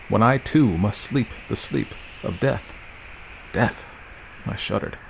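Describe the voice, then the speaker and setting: A man narrating a Victorian ghost story in a measured, dramatic reading style. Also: fairly low pitch, creaky, slight background noise, rough recording. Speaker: audiobook narrator.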